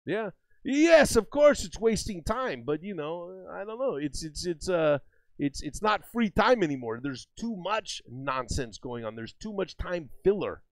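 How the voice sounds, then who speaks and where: A man's voice: a little high, vocal fry, no echo. A man co-hosting a game stream, ranting and rambling with lots of swearing and calling listeners "brother.". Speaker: streamer co-host. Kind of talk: profane ranting stream chat.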